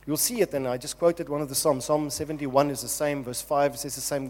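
A man's voice: on the high side, brisk, few pauses, darkish tone. A man preaching a sermon, earnest and emphatic, speaking directly to his congregation. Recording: long hall reverb.

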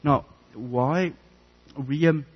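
A man preaching a sermon with personal stories, earnest and halting, often repeating words as he restarts. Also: on the high side, slightly rough, lo-fi sound.

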